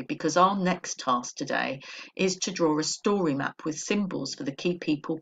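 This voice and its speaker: A woman primary school teacher with an English accent, giving a recorded remote lesson in a clear, patient, instructive way. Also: low voice, a bit bright.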